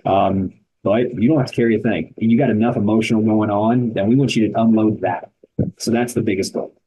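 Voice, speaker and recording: With a lowish, husky voice and a slightly fast pace, this man, who founded an endurance organization, guests on a casual podcast. He tells his stories with energy and emphasis in short, punchy bursts, but the audio quality is poor.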